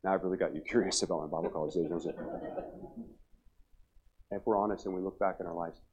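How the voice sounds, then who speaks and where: A man in his forties, a pastor preaching a revival sermon, joking and telling stories, then pressing his point loudly. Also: low-pitched, fairly even intonation, fast, lo-fi sound, a little hiss or hum. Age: 40s. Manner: humorous storytelling, rising to loud emphatic preaching. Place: church sanctuary.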